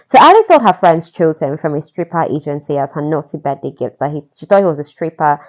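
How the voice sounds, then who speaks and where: A woman's voice: low voice, very animated, fast, a little mellow. A woman casually retelling a romance novel, gushing and talking straight to the listener. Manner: gushing, conversational, asides to the listener. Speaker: podcast narrator retelling a novel. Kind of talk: casual chatty storytelling. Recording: dull lo-fi recording.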